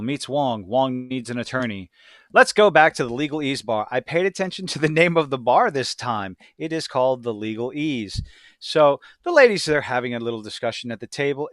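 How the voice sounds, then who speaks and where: Male reviewer, blunt and rambling, mid-pitch, dry close sound. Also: fairly bright tone, no room sound. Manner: blunt, rambling, self-deprecating. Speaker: show reviewer. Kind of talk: casual review commentary.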